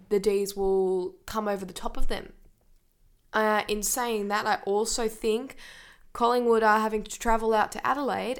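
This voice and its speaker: A young woman with an Australian accent co-hosting a casual sports podcast, confident and quick to laugh. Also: mid-range voice. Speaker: podcast co-host.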